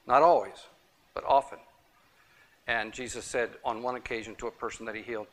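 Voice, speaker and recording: Bright-voiced man teaching Bible study. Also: medium pitch, steady tone, fairly quick, long pauses. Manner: emphatic, repeats key points.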